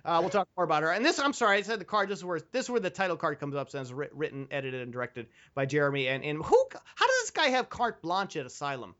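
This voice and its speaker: Sarcastic lively podcast host. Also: male voice, on the high side, quick pace, hardly any pauses. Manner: sarcastic, profane, laughs often. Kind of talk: casual movie-riffing podcast chat. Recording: slightly dull lo-fi audio.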